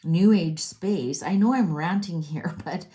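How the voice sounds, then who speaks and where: A middle-aged woman with a lowish, mellow voice gives a tarot reading, speaking unhurriedly. She rants in a heated, exasperated way, restarting her sentences again and again.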